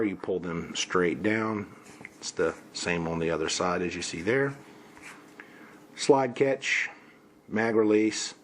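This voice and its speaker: Low-voiced man unboxing a pistol. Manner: plain, matter-of-fact listing of parts. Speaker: gun reviewer. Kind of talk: casual unboxing walkthrough.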